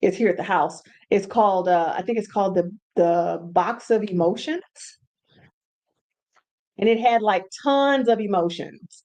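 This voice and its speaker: A woman hosting a casual teaching talk from home, animated and repeating words for emphasis. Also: mid-range voice, unhurried. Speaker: podcast host and brand coach.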